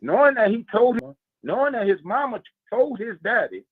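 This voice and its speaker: Brief: male phone caller, high voice, insistent questions, phone-line sound. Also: sing-song, normal speed, husky, no room sound. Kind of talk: casual call-in radio chat.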